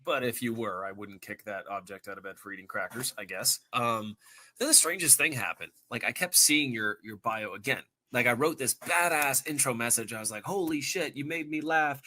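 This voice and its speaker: A man's voice: medium pitch, a little fast, sharp tone, slight background noise. A man rambling through a joking self-introduction, self-deprecating and sweary, full of filler asides. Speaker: person in an archived video clip.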